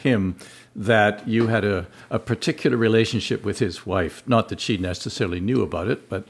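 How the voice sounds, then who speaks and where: A man's voice: fairly low pitch, brisk, vocal fry. A man interviewing a guest, asking long winding questions with light chuckles.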